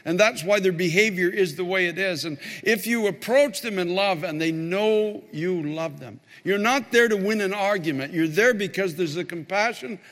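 A man's voice: high-pitched, moderate pace, hardly any pauses, a bit bright, in a large hall. A man, a pastor, telling a story in a sermon and building to fervent, emphatic preaching.

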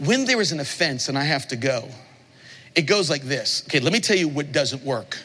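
A man in his forties preaching a sermon as a pastor, playful and animated, with sudden emphatic outbursts, in a large church hall. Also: a little high, brisk, husky. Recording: long hall reverb.

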